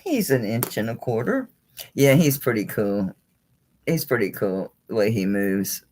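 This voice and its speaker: Lady hosting a live jewelry sale, bouncy pitch, chatty and a bit salty, kinda tired. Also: moderate pace. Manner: chatty and salty, with frequent mild swearing; animated, talking while handling and showing items. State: tired and yawning late in the stream. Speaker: live jewelry auction seller. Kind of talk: casual live-stream selling chat.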